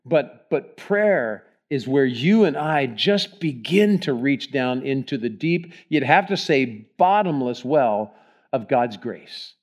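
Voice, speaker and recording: Preaching pastor swinging loud to hushed. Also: male voice, mid-range voice. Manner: leads the congregation in reading aloud together. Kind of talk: sermon. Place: church sanctuary.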